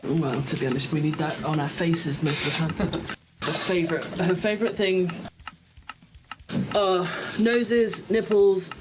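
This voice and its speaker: A man's voice: a little high, fairly even intonation, unhurried. A man hosting a gaming stream in casual, rambling chat that is peppered with swearing. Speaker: streamer host. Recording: noisy background.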